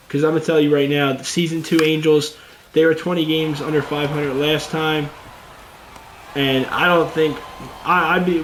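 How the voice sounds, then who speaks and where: Excitable young man commenting his game. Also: fairly high pitch, reverberant, slight background noise. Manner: excitable, casual, addresses viewers as "boys". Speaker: gaming YouTuber. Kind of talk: let's play commentary.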